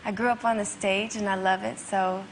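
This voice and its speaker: A woman's voice: mid-range voice, flat delivery, moderate pace, rough recording. A woman chatting in an upbeat, easygoing way as a talk show guest. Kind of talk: casual chat on a talk show. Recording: studio audience and room noise.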